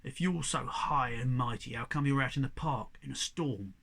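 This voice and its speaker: A man voicing a tough young female street cat who talks gruffly and bluntly, with a gravelly voice. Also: medium pitch, moderate pace, a bit bright. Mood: scornful. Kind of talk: audiobook character reading.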